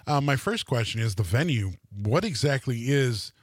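Radio host dude, laid back chatty questions, dry studio mic. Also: male voice, medium pitch, moderate pace, breathy edge, no echo. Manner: relaxed, chatty questions with fillers. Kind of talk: casual radio interview.

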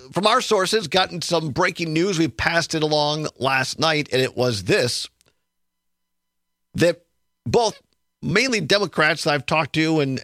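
A man's voice: a little high, a bit bright, no echo. A man hosting a political talk radio show from a studio, chatty, sarcastic and opinionated. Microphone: studio microphone.

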